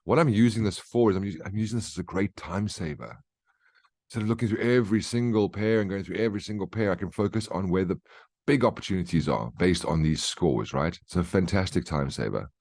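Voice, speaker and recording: A man's voice: sits low, fast, a little mellow, dry recording. A man giving a casual market briefing over charts, explaining his reasoning and often checking in with the listener. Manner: conversational, keeps checking in with "right?" and "okay?". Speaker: trading educator.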